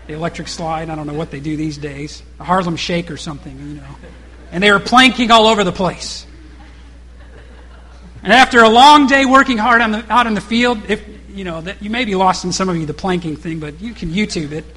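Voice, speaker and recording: A man's voice: high-pitched, a little fast, bright, forceful tone, breathy edge. A middle-aged man preaching a sermon, mixing rhetorical questions with casual asides. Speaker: pastor.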